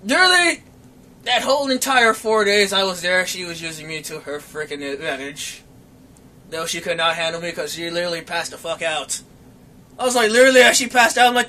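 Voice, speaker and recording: A young man telling a wild story on a casual podcast, with a very high voice. He swears freely and acts out every line of dialogue. His tone is sharp and bright throughout. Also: a little fast. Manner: animated, profane, acts out quotes. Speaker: podcast co-host.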